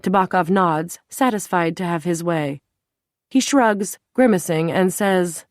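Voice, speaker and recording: A woman with a low voice reads a thriller audiobook in a steady, even way. The sound is dry and close, with no room around it. She keeps her narration plain between the character voices. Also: a little slow, no echo.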